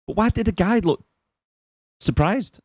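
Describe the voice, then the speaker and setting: Jokey man with lively pitch. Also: unhurried, no echo, studio quality. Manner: laughs often, jokey, mimics characters. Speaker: podcast co-host. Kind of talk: casual movie review chat.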